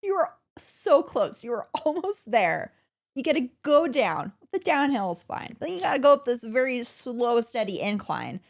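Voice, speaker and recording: Excitable woman podcaster telling a story. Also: fairly high pitch. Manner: excited storytelling, laughs often. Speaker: podcast co-host. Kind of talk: casual podcast chat.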